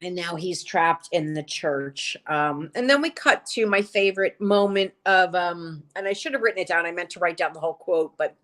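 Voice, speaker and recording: A woman co-hosts a casual podcast and walks through a TV episode scene by scene. Her voice sits a little low. She rambles and talks with plenty of "um" and "like" as she goes. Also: normal speed, few pauses, a bit bright. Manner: rambling, chatty, many fillers and restarts. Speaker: podcast co-host. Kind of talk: casual chat recapping episodes.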